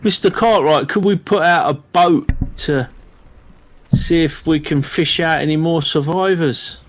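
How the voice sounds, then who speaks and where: A man's voice: on the high side, unhurried. A man playing a character in a tabletop game, talking casually in character. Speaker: player. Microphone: online call.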